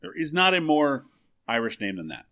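Joking podcast guy, bright voice, bouncy delivery. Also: fairly high pitch, big pitch swings, normal speed. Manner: joking, self-mocking. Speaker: podcast co-host. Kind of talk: casual chat.

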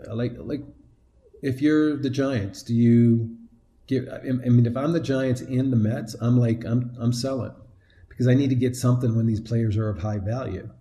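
A man's voice: mid-range voice, steady tone, moderate pace, dark tone. A man in a casual sports chat, easygoing and agreeable. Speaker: podcast co-host.

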